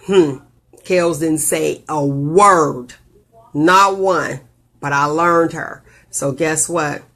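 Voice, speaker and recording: A woman hosting a casual live video show, telling stories with animated, jumpy delivery and big leaps in pitch on quoted lines. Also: extremely slow. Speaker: host.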